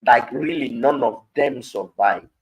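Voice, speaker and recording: A man's voice: medium pitch, unhurried, slightly rough, low-quality recording. A man with a Nigerian accent leading a live-streamed Bible study, reading scripture aloud and then explaining it in Pidgin-laced commentary.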